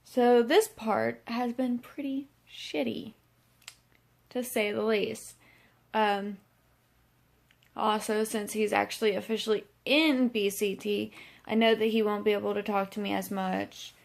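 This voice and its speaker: Slow, gravelly-voiced tired young woman. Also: medium pitch, steady tone. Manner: tired, yawning, halting with many fillers. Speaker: vlogger. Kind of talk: casual vlog talk to camera.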